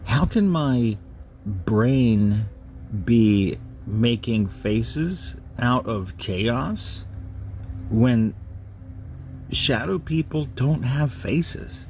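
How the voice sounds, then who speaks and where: A man telling a personal ghost story in a slow, measured, halting way, with pauses and restarts. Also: medium pitch, expressive, a little mellow, a little hiss or hum. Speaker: narrator of a paranormal recording series.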